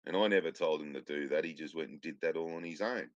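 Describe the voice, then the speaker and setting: A very deep-voiced man rambles through a casual podcast chat, swearing freely. His voice is bone-dry and close, with a slightly dull, lo-fi edge to the sound. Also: quick pace, dry recording. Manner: profane, rambling storyteller. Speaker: podcast co-host.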